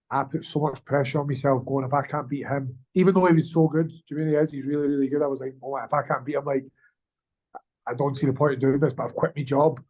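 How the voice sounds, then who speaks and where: A man's voice: mid-range voice, darkish tone, low-quality recording. A man, an amateur fighter, chatting casually in an interview, rambling and swearing with lots of slang. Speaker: amateur MMA fighter, guest.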